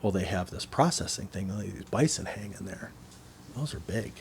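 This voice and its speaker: A man, co-hosting a podcast and telling a story in a casual, animated way, acting out the voices of the people in it. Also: fairly low pitch, normal speed, vocal fry, a little hiss or hum. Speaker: podcast co-host.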